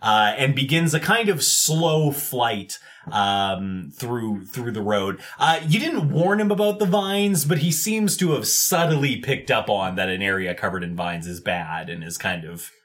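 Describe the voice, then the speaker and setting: A man's voice: mid-range voice, lively intonation, measured pace, fairly bright tone. A man running a tabletop game as game master, narrating in a loose, descriptive way with many fillers.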